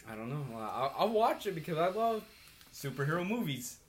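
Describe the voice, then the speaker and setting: Man with a slightly high voice, blunt and dry in casual chat. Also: very animated, a little fast. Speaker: friend in a group chat.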